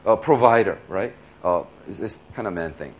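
Animated, conversational male preacher. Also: low voice, normal speed. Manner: animated and conversational, laughing often, many fillers. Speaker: pastor. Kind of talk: sermon.

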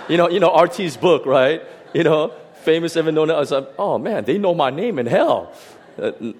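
A middle-aged pastor telling a personal testimony in a sermon, animated and full of restarts and fillers. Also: male voice, fairly high pitch.

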